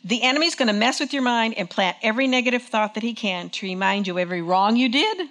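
Expressive and a little fast, this woman's slightly high, slightly bright voice carries a conversational sermon in church. She engages the congregation through call and response and frequent "okay?" check-ins.

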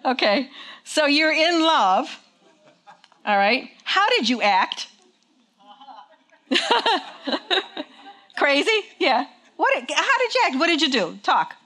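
A woman's voice: sits high, very animated, slow, long pauses, bright, forceful tone. A woman preaching a sermon in a conversational way, checking in with her congregation and leading them in call and response. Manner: conversational, engaging the congregation with frequent "okay?". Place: church with congregation.

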